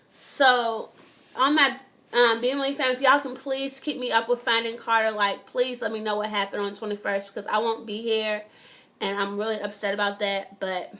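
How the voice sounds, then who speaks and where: A woman's voice: on the high side, sharp tone. A young woman, giving a casual, indignant TV review and swearing freely. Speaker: vlogger.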